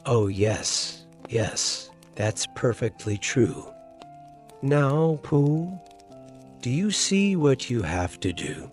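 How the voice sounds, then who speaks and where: A man's voice: mid-range voice, big pitch swings, very slow, darkish tone, soft background music. Give me a proud storybook rabbit planner, solemn and bossy, as a man reads him. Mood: brisk. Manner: solemn, self-important.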